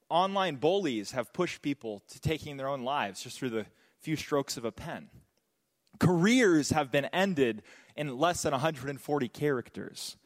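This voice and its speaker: A man preaching a sermon, telling stories and jokes in an animated way. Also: mid-range voice, in a large hall. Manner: animated, joking, storytelling. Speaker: pastor.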